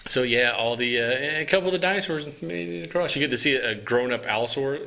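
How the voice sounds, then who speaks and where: A man co-hosting a relaxed podcast, running through entertainment news with wry jokes. His voice is mid-pitched and very bright, with a crisp forward edge. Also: brisk. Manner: joking, explains news with small laughs. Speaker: podcast co-host. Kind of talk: casual chat.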